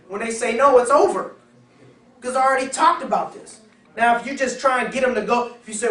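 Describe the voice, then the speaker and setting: A man's voice: very high voice, normal speed. A man leading a sales training session for insurance agents, talking casually and acting out customer conversations. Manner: animated, acts out customer dialogues. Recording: echoey room from far off.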